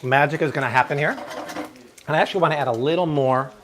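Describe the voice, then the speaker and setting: A man's voice: on the high side, fast talker, a bit bright, a little hiss or hum. A man hosting a live cooking demonstration in his kitchen, talking enthusiastically and exclaiming over the food. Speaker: cooking show host. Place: home kitchen.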